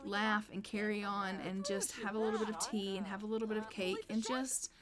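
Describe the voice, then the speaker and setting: Over crowd noise, a woman with a medium pitch and level tone speaks fairly quickly as she plays a life-sim game. Her casual let's-play commentary mixes general chatter with lines directed at her characters.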